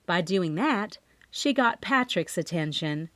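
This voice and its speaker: A woman's voice: lowish voice, takes it slowly, no echo. A woman narrating a cozy mystery audiobook in the first person, as a scripted reading. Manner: expressive first-person storytelling.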